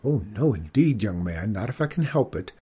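A man's voice: fairly low pitch, very animated, moderate pace, mellow, breathy edge, exaggerated voice. A man reading an audiobook, voicing a prim, genteel widowed mother skunk who lectures in a proper manner. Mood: prim lecturing.

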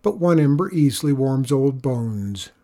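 A storyteller voicing a kindly old woman, a wandering traveller who speaks softly and gently. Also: mid-range voice, animated, a little slow. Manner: soft-spoken, kindly.

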